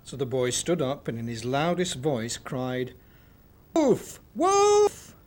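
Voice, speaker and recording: A man narrating a children's story expressively, with dramatic pauses. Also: mid-range voice, a little hiss or hum.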